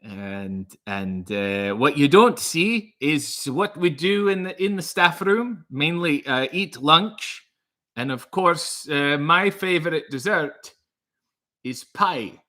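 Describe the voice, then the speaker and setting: A man putting on a fake Scottish accent to play an angry old male math teacher who tells bad jokes, halting and muttering. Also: a little high, lively intonation, sharp tone, full character voice. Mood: grumbling. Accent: put-on Scottish accent.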